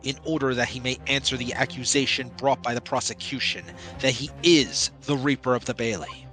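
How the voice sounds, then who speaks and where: A man's voice: mid-range voice, steady tone, a little fast, sharp tone, faint music behind, lightly acted. A man voicing a stern, formal court official in a fan game dub.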